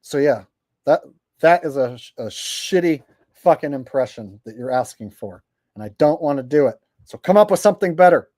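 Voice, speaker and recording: In a dry recording, a man with a fairly high yet dark-toned voice hosts a casual livestream, speaking animatedly at a moderate pace. He reads viewers' super chats aloud in mocking voices and rants bluntly, exasperated and profane.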